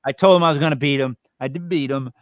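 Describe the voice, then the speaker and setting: A man's voice: mid-range voice, quick pace, no room sound, rough recording. An American man hosting a podcast, chatting casually in a blunt, joking way and swearing freely. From United States. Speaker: podcast host.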